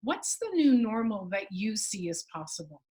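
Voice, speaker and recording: A woman's voice: medium pitch, animated, normal speed, dark tone, breathy edge. A woman hosting an interview, affirming and summing up her guest's story. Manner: affirming, summarizes the guest's points. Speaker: interview host.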